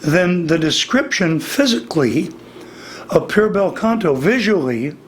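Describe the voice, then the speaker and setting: An older man teaching singing in a slow, deliberate interview manner, his voice slightly worn. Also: high-pitched, big pitch swings, a little hiss or hum. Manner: demonstrates vocal registers, slow and deliberate. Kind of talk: instructional interview.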